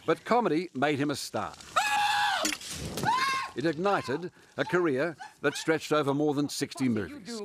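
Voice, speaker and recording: An Australian man narrating a TV feature and asking interview questions in a measured way. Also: a little high, expressive, raised voice, heavy background noise. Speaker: TV reporter.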